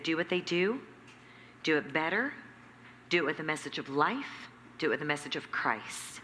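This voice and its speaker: A woman who runs a nonprofit, telling her story in an interview with lively acted-out quotes and emphatic repetition. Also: on the low side. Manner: animated, acts out quoted dialogue, emphatic repetition. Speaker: nonprofit CEO, interview guest. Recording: echoey hall with faint background noise.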